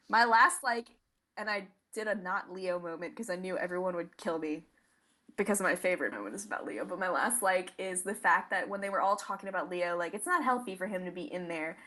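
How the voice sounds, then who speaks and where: A young woman co-hosting a fan podcast, gushing excitedly in casual chat, filling her talk with "like". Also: on the low side, a little fast. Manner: gushing, excitable, many "like" fillers. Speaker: podcast co-host.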